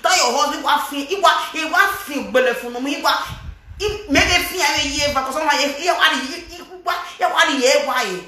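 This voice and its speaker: A woman vlogger with a Nigerian Pidgin accent, gossiping and scolding in animated casual commentary, mixing Pidgin with a local language. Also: high-pitched, quick pace, reverberant.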